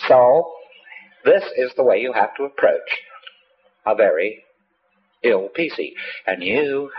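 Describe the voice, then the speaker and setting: A man giving a rambling, anecdotal lecture to trainees, folksy and wry with profane asides, heard on a dull lo-fi tape with faint hiss. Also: mid-range voice.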